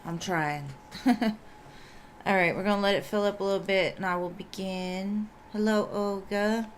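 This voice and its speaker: A woman's voice: medium pitch, little pitch movement, moderate pace. A woman tarot reader with a scratchy voice, chatting casually on a live stream and greeting viewers one by one.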